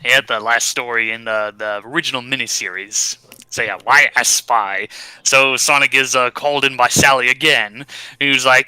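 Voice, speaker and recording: A man's voice: mid-range voice, steady tone, moderate pace, sharp tone, smooth, no echo, low-quality recording. A man co-hosting a casual podcast, recapping a story with voiced asides and frequent laughter. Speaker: podcast co-host.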